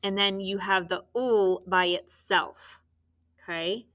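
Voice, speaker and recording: A woman teaching a recorded phonics lesson, dictating words slowly and patiently, with encouraging checks. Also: mid-range voice, fairly even intonation, fairly bright tone.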